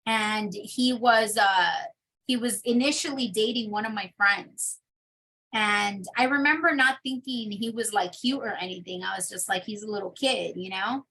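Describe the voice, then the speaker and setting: A young adult woman telling her personal testimony in an interview, in a casual, animated storytelling manner. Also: mid-range voice, measured pace. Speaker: interview guest.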